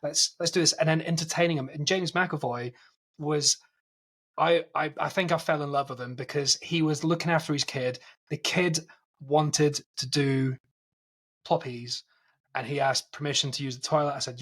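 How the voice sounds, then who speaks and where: A man's voice: on the high side, steady tone, normal speed, husky. A man with a worn-down Scottish accent, co-hosting a casual film podcast, teasing and swearing freely as he tells a story. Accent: faint Scottish. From Scotland. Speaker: podcast co-host. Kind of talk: casual chat.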